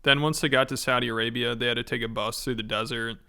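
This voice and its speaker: A man's voice: mid-range voice, fairly even intonation, fast, vocal fry, very noisy. A man giving scripted commentary in a sarcastic, mocking tone. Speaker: commentary host.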